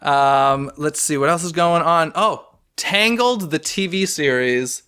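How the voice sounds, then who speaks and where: A man co-hosting a fan podcast in casual chat, animated and chatty with self-deprecating asides. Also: fairly high pitch, slow, smooth. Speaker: podcast co-host.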